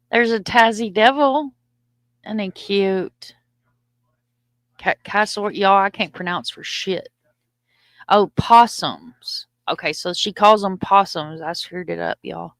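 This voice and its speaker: In a dry, studio-quality recording, a middle-aged woman with a fairly low voice hosts a casual live stream. She reads comments aloud, chatty, loose and profane, and stumbles over words.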